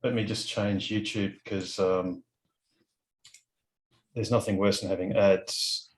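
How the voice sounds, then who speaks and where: A man's voice: on the low side, flat delivery, slow. Flustered Australian man hosting a call. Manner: flustered, apologetic moderating. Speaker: club host running a video call. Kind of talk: casual group video call. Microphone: video call.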